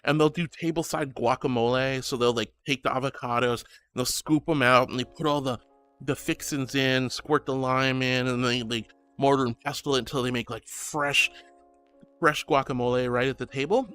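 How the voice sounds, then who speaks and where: A man's voice: mid-range voice, fairly even intonation, moderate pace, fairly bright tone, clear, resonant tone, soft background music. A man streaming live in a casual, gushing and affectionate way, reading chat aloud and greeting viewers with giggles.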